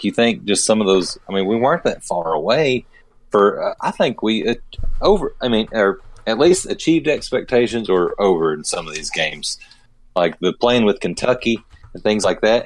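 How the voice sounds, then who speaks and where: A man talking casually on a sports podcast, rambling and halting, with many restarts. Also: lowish voice. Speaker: podcast co-host.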